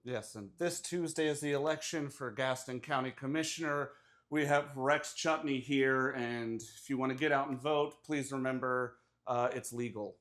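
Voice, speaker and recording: Deadpan man feeding comedy setups. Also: mid-range voice, moderate pace. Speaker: comedy podcast co-host. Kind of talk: mock interviewer in a comedy bit.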